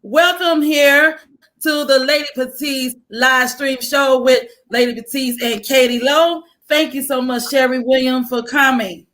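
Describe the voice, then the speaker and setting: A woman hosting a live stream show over a video call, effusive and excited as she welcomes each guest. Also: high voice, a little slow, poor audio. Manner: excited, effusive, laughing and shouting greetings. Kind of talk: enthusiastic live stream introductions.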